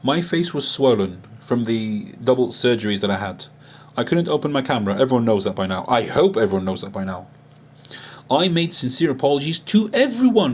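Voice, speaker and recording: A man's voice: mid-range voice, very animated, fairly quick. A man addressing a critic in an unscripted online monologue, earnest and emotional, often restarting his sentences. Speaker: online Islamic preacher and chat-room admin.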